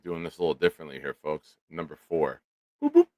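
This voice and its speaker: A man hosting a live sports fan stream, talking casually with bursts of loud mock cheering. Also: a bass voice, steady tone, quick pace, dry recording, clean studio sound. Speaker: show host.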